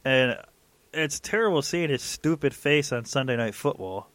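A man's voice: mid-range voice, animated, moderate pace, a bit bright, no echo. A man in his thirties hosting a sports podcast, ranting in an irritated, casual way. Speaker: podcast host.

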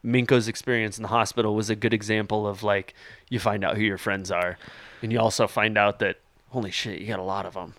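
A man's voice: lowish voice, level tone, fairly quick, fairly bright tone, no room sound. A man hosting a podcast in loose, joking casual chat, swearing and laughing often. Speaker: podcast host.

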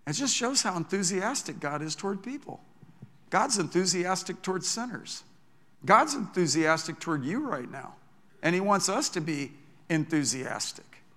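A man's voice: high-pitched, big pitch swings, moderate pace, pushed and bright. A male pastor preaching a sermon in an enthusiastic, emphatic way, recorded in a church with long reverb.

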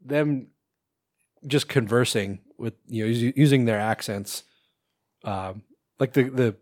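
A man co-hosting a podcast, chatting casually about films, swearing freely, laughing often and filling pauses with "like" and "um". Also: medium pitch, darkish tone, dry recording, clean studio sound. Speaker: podcast co-host. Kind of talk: casual film chat.

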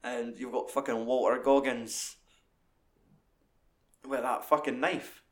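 This man talks through a film as a podcast co-host. He swears freely and gets worked up with enthusiasm. His voice sits at an ordinary middle pitch. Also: fairly even intonation, slow pace. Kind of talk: casual film chat.

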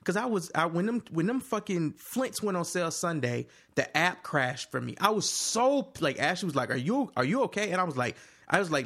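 Animated, profane man in casual chat. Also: a little high, normal speed, hardly any pauses.

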